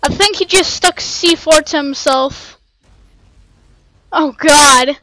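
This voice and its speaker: A woman casually commentating her gameplay in an excitable, rambling way, full of playful slang, on a cheap home mic. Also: high-pitched, takes it slowly, no echo. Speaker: gameplay streamer. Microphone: cheap desk mic.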